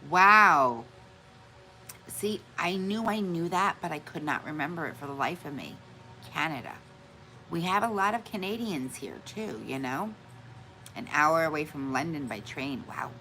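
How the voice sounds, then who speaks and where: A woman with a deep, bright, forceful voice hosts a casual livestream on a low-quality recording. She chats with viewers, welcomes them by name, and often laughs about forgetting things.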